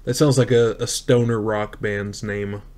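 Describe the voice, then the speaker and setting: A man co-hosting a casual livestream podcast, laid-back and quick to laugh. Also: fairly low pitch, little pitch movement, darkish tone. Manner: laid-back, laughs easily, reads from chat. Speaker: podcast co-host.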